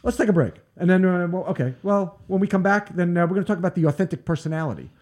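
A man's voice: sits high, very fast. Chatty man hosting a podcast. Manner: chatty, playful, animated, mocks accents in jest. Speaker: podcast host. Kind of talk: casual interview chat with live shout-outs.

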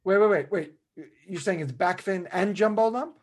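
Husky, halting man hosting a podcast. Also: sits high. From New Jersey, USA. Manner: halting, many "uh"s, playful teasing. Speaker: podcast host. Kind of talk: podcast conversation.

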